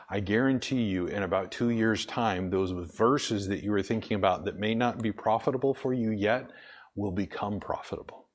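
A man with a somewhat low voice preaches a sermon. He is emphatic, slows right down to press a point home, and poses questions to answer them himself.

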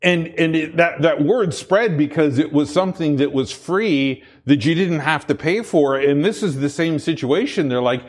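A man's voice: fairly high pitch, normal speed, hardly any pauses. A man preaching a sermon, telling a rambling personal story with many restarts before turning to scripture with rising emphasis.

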